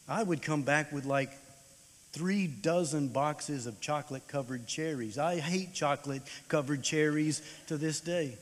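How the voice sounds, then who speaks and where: A man in his sixties gives an animated storytelling sermon in a chapel, swinging between loud bursts and hushed tones. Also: fairly high pitch, moderate pace. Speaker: chapel speaker. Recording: long hall reverb.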